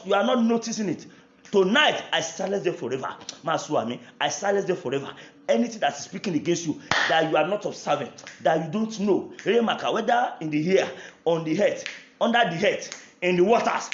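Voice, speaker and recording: A Nigerian pastor leads a fervent prayer sermon, hammering the same declarations again and again as they build. His voice sits a little high for a man. The recording is dull and lo-fi, with a roomy echo. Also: lively intonation, fast talker, slight background noise. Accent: Nigerian English. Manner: repeats declarations with rising intensity.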